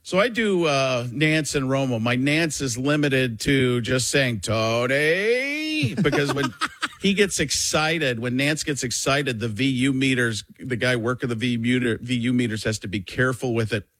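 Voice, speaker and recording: Animated male comedian from Wisconsin. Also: medium pitch, normal speed, hardly any pauses, no echo. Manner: animated storytelling, self-interrupting. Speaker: comedian guest. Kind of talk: casual radio interview chat.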